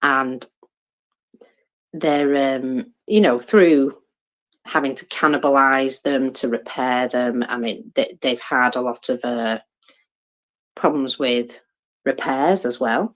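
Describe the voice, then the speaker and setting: A woman co-hosting an online audio chat about war news, halting with fillers and restarts, with dry sarcasm. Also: extremely low pitch. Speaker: co-host commenting on war news. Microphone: Twitter Space audio.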